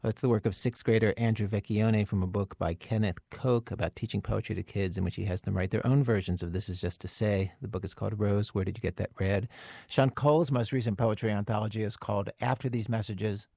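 Wry low-voiced radio host. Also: male voice, steady tone, brisk, creaky, mellow, no room sound, clean studio sound. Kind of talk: scripted radio hosting.

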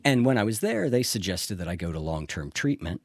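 A middle-aged man with a lowish voice talks things over earnestly and reflectively, now and then restarting a thought. The sound is dry and close, with no room around it. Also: big pitch swings, brisk, no room sound. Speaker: interview guest in addiction recovery. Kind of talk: candid personal interview.

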